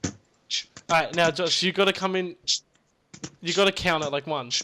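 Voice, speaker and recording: A man's voice: on the high side, moderate pace, pushed and bright, a little hiss or hum. A man co-hosting a casual comedy podcast, laughing, swearing and directing the others around. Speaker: podcast co-host.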